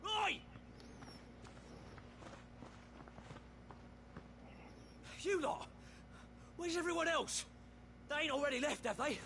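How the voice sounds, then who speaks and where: Frantic cursing scout, very high voice, noisy game mix. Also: male voice, expressive, normal speed, sharp tone, exaggerated voice. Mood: alarmed. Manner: urgent, swearing constantly. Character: foul-mouthed young male scout, frantic. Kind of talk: video game cutscene dialogue.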